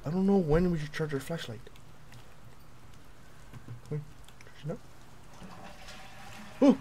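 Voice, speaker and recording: A young man commentating a horror game as he plays, jumpy and excitable, yelping and taunting the monster. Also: on the high side, slow pace, slight background noise. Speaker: gaming video creator.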